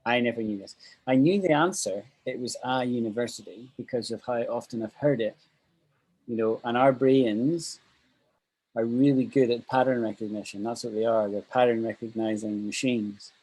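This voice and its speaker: A man teaching an online English class, upbeat and thinking out loud as he explains. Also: medium pitch, moderate pace, breathy edge, poor audio.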